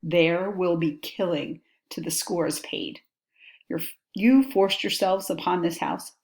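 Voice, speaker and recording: A woman reading aloud the lines of a furious, vengeful king in a slow, grave, threatening way. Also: fairly low pitch, a little mellow. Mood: grim, threatening. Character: furious vengeful king, older man, grim.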